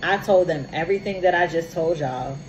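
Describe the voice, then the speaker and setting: Young woman, low-pitched, casual storytime, punchy and repetitive delivery. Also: fairly quick, muffled recording, background noise. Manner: emphatic, repetitive recounting.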